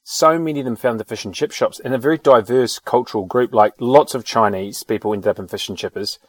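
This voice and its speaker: A man's voice: medium pitch, fairly quick, no room sound, studio quality. A man telling rambling anecdotes in casual chat, with fillers and swearing. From New Zealand.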